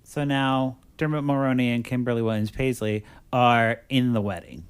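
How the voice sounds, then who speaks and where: Smooth-voiced man chatting casually. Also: medium pitch, normal speed. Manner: chatty, fills speech with "like". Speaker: podcast host. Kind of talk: casual chat recapping a movie.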